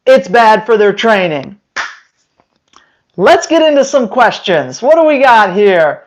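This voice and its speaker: A man's voice: high-pitched, sing-song, takes it slowly, long pauses. A man giving blunt, emphatic dog-training advice straight to the viewer. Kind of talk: instructional talk to camera. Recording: slightly dull lo-fi sound.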